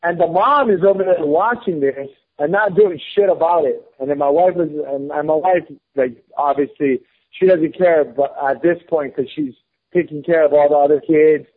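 On phone-like lo-fi podcast audio, a guest in his thirties tells a story in casual chat. His voice sits on the high side at a moderate pace, and he's blunt, heated and swears often.

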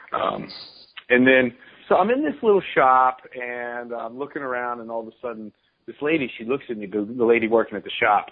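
A man's voice: on the low side, slightly rough. A man, a former fighter, telling rambling, laid-back anecdotes as a guest on a phone call. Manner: relaxed, rambling anecdotes with restarts. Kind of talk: casual storytelling on a phone call. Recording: tinny phone line.

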